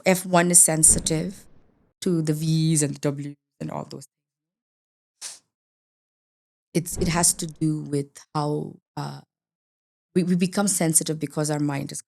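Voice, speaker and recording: A woman's voice: deep voice, steady tone, unhurried, creaky, pauses often, darkish tone. A woman from India, a guest on a podcast, talking expressively and emphatically, laughing easily and rephrasing herself mid-sentence. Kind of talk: conversational podcast interview.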